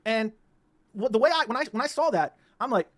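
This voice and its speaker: A man's voice: extremely high pitch, lively intonation, a bit bright. A man hosting his own livestream, ranting heatedly and repeating himself, with frequent stumbling restarts. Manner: rapid, repetitive, stumbling restarts. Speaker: livestream host.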